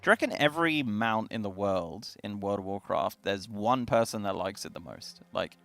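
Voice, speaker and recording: Guy, swoopy lively voice, jokey laid-back stream chat. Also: lowish voice, moderate pace, gravelly. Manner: joking, teasing, lots of "like". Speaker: stream co-host. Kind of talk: casual chat. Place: streaming studio.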